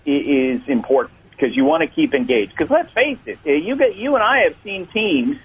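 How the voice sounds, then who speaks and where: A man's voice: sits high, sing-song, normal speed, gravelly, a little hiss or hum. A male sports reporter calling into a radio show, talking baseball in a joking, conversational way over the phone. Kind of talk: casual sports talk radio. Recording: phone line.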